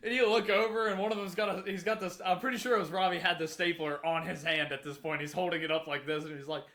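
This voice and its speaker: A young man co-hosts a casual podcast and tells school stories with lots of energy. His voice is very bright and ringing, a little higher than most men's. He acts out the people in his stories as he goes. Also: fairly even intonation, fast, slight background noise. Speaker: podcast co-host. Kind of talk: casual storytelling.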